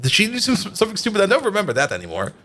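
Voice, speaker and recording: A man's voice: sits high, huge pitch swings, very fast, pushed and bright. A man streaming a game live, chatting and thinking aloud as he plays and laughing often. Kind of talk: live stream commentary while playing.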